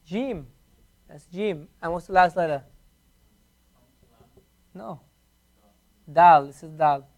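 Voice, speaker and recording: Man, high voice, classroom teacher, patient, repeats words slowly. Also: a little mellow. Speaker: Arabic teacher. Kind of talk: classroom language lesson.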